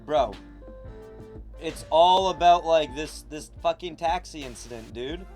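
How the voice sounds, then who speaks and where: A man's voice: a little high, measured pace, a little mellow, soft background music. A young American man streaming, chatting casually and reacting with loose slang, frequent swearing and laughs. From United States.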